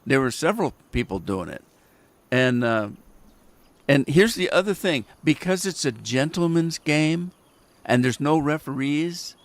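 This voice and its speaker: A man hosting a game livestream, chatting casually and wandering off into rambling stories while he plays. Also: a little high. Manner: rambling storyteller with restarts and chuckles. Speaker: gaming livestream host. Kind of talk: casual chat while playing.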